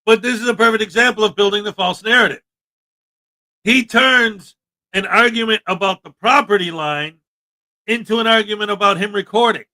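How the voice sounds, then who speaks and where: A man hosting a casual livestream chat, joking and animated with sudden loud bursts. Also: sits high, normal speed. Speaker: livestream host.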